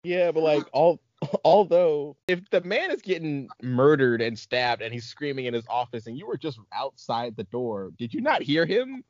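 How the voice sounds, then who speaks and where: A man hosting a casual podcast chat, animated and laughing often. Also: fairly high pitch, moderate pace, no echo. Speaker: podcast host. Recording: dull lo-fi recording.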